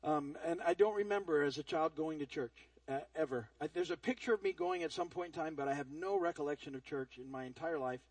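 A man's voice: on the high side, a little fast, hardly any pauses, no echo, recorded from a distance, rough recording. A man preaching a sermon as pastor, earnest and conversational, often repeating words as he starts a phrase.

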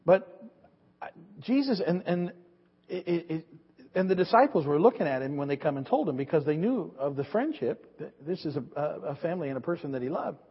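A man's voice: fairly high pitch, sing-song, brisk, husky. A man preaching a sermon in a rambling way, often restarting and repeating words as he goes. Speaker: pastor. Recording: dull lo-fi recording with long hall reverb.

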